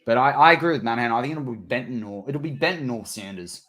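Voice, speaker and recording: An Australian man chatting on a live stream, weighing up options as he talks. His pitch jumps around freely, giving his voice an animated lilt. The tone is relaxed and conversational. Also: fast talker. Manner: animated, musing out loud about draft picks. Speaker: co-host of a draft watch-party stream. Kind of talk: casual live-stream chat.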